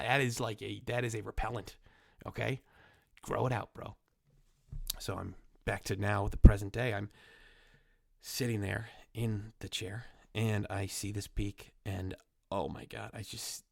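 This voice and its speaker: A man's voice: animated, normal speed, vocal fry, no echo, studio quality. Rambling young man with a cold. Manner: rambling, filler-heavy, jumps into high squeaky voices for quoted people. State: nasal from a cold. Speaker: comedy podcast host. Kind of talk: rambling comedic storytelling.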